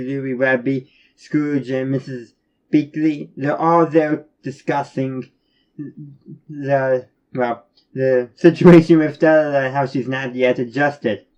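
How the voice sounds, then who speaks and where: A man's voice: fairly high pitch, a little mellow, dull audio. A man giving a casual spoken review, rambling along with many restarts and fillers. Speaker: reviewer of animated episodes.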